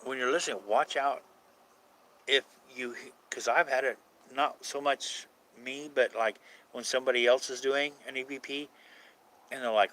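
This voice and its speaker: A man chats casually with viewers on a paranormal live stream, rambling from topic to topic, swearing now and then, and answering questions from the chat. His mid-range voice is fairly bright and steady in tone, moving at a normal speed, though the recording is rough.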